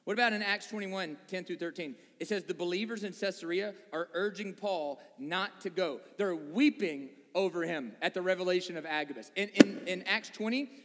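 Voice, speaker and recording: In a church sanctuary echoing with the long reverb of a large hall, a male pastor delivers a conversational sermon full of rhetorical questions to his congregation. His voice is high-pitched and a bit bright, at normal speed with hardly any pauses.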